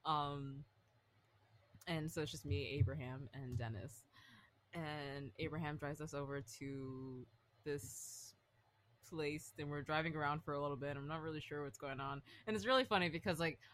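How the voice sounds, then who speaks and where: A woman in her twenties co-hosting a podcast, telling a story in casual chat, animated and full of fillers, swearing freely. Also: deep voice, normal speed, slight background noise. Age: 20s. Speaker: podcast co-host.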